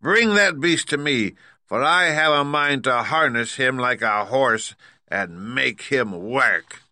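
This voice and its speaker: A man voicing a fierce, commanding wicked old witch who chants spells in a shrill voice in a storybook reading. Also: expressive, slow pace, pushed and bright, no room sound, studio quality, heavily acted.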